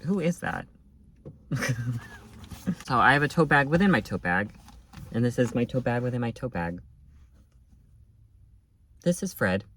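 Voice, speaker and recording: A man's voice: mid-range voice, a bit bright. A man chatting casually in a daily vlog, bubbly and often correcting himself, filming himself with a handheld camera outdoors and at home. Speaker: vlogger. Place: outdoors at a farmers market, then at home.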